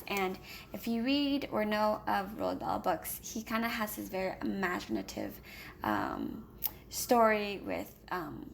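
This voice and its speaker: A woman with a gravelly, fry-edged voice talks casually to her camera as a homeschooling parent. She rushes along, rambling with plenty of filler pauses, over a faint hum. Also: medium pitch. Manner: hurried. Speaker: homeschooling parent reviewing books. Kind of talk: casual vlog chat.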